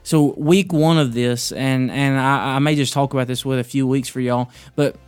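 A man hosts a casual devotional talk, halting and restarting often as he tells a joke and then talks through scripture. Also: mid-range voice, steady tone, smooth, no echo, faint music behind. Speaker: podcast host.

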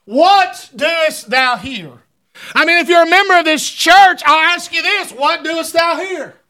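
A man preaching a sermon in a church, swinging between conversational asides and fervent shouted appeals, often repeating words. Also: very high-pitched, fairly even intonation, normal speed. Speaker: pastor. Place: church sanctuary.

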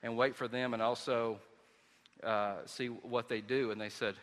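Southern pastor, conversational storyteller, bright forceful tone, long church reverb. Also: male voice, medium pitch, little pitch movement, normal speed. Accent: Southern American. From Southern United States. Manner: conversational storytelling with many restarts. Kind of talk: sermon.

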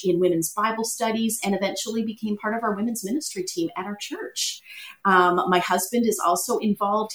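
A woman's voice: mid-range voice, a bit bright. A middle-aged Canadian woman chatting as a podcast guest, friendly and self-deprecating. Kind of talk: casual chat. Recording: echoey, distant from the mic.

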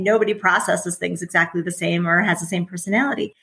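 A woman's voice: mid-range voice, quick pace, pushed and bright, rough recording. A woman in her forties, a former teacher and parent, talking candidly as a podcast guest, chatty and often laughing. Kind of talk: casual conversational interview.

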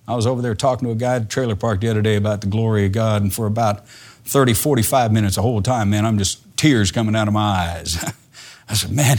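An older man preaching a sermon in a folksy, earnest way, dropping to soft asides and rising to emphatic lines. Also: fairly low pitch, slightly rough.

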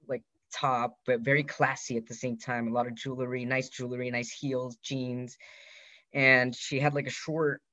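A man hosting a personal podcast, rambling and heartfelt as he tells a story and lively when he quotes his friend. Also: medium pitch, no echo. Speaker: podcast host. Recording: dull, lo-fi, dry recording.

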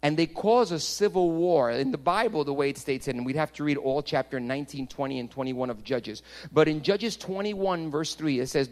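A man's voice: a little high, a little fast, hardly any pauses. Man preaching a dynamic sermon. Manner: dynamic preaching, swings from loud to hushed. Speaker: pastor.

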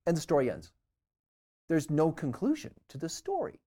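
A man's voice: on the high side, huge pitch swings, moderate pace, pauses often, dark tone. A man co-hosting a Bible study discussion, explaining scripture casually and acting out how listeners would react. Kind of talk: teaching discussion.

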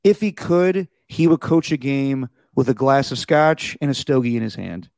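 Lively joking man on a dry mic. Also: medium pitch, normal speed, creaky, no echo. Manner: jokey, animated, slips into silly impressions. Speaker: podcast co-host. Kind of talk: casual sports chat.

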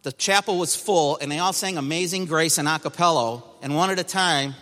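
A man's voice: on the high side, a little fast, sharp tone, long reverb tail. A man giving an emphatic personal testimony to a church congregation, telling his story with energy.

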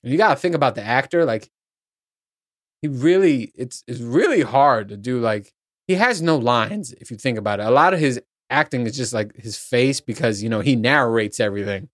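A man hosts a podcast alone in a loose, rambling chat, and he swears as he goes. His voice sits at an ordinary middle pitch, and the sound is close and dry with no room echo. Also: expressive, moderate pace. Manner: rambling, profane, laughs at his own points. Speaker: podcast host. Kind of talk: casual solo chat.

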